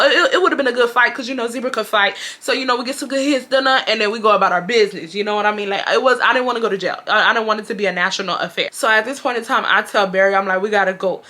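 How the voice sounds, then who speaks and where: A young woman from Houston with a Texas twang and a bright, sharp voice. She tells a story to camera in a loose, slangy and profane way. She acts out each quoted line with lively emphasis. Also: medium pitch. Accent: Southern US, Texas. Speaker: storytime vlogger.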